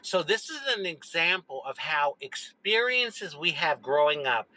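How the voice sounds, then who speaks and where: A woman around sixty telling a personal childhood story to camera, expressive, dropping low for emphasis. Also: unhurried, rough recording. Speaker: social media storyteller.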